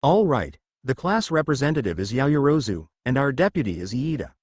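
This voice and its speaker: A man voicing a tired, bored male teacher who talks in a flat monotone. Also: mid-range voice, fairly quick, no room sound, clean studio sound.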